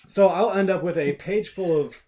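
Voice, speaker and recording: A man's voice: high voice, normal speed, a crowd in the background. A man co-hosting a podcast, telling crude jokes and laughing through his stories. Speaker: podcast co-host. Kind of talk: casual chat.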